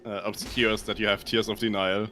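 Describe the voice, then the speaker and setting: A man's voice: fairly low pitch, little pitch movement, moderate pace, bright, forceful tone, a little hiss or hum. A man chatting with friends during a game stream, amused and chuckling between lines. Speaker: co-op player in a charity stream. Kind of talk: casual gaming chat with friends.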